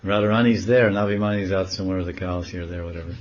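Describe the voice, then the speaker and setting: A man's voice: low-pitched, racing, highs cut off. Man telling a devotional story. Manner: animated, acting out dialogue. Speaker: monk teaching scripture.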